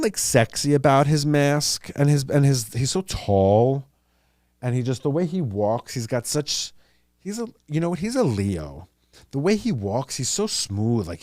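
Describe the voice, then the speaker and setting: A man hosting a podcast in casual chat, rambling and animated, swearing freely and filling his speech with "like" and "you know". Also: mid-range voice, dry recording, studio quality. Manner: rambling, animated, profane, full of fillers. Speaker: podcast host.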